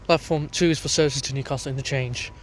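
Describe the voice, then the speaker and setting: A man's voice: medium pitch, fairly even intonation, quick pace, slight background noise. A young Australian man vlogging about trains, rambling outdoors on a station platform with fillers and restarts, a lozenge in his mouth. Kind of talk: casual walking commentary.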